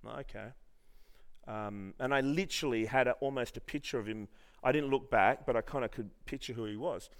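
A man's voice: mid-range voice, brisk. A man preaching a sermon, telling a story with many restarts and then leading the congregation in earnest prayer. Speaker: pastor.

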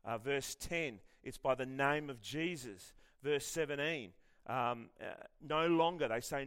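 A middle-aged Australian man preaching a sermon in a lively, conversational way, telling personal stories with self-deprecating humour. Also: mid-range voice, a little slow, smooth. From Western Australia. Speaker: pastor.

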